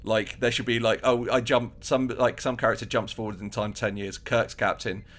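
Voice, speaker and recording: Male podcast co-host, mid pitch, loose rambling chat, acts out quotes. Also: normal speed. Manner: animated, acts out quotes, many restarts. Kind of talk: casual chat.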